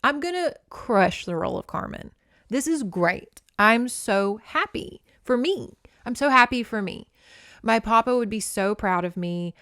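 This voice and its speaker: Brash gushing young female singer read by a woman, smooth and dry. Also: a little high, expressive, unhurried, a bit bright, no echo. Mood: gleeful. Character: young woman singer, giddy and self-assured.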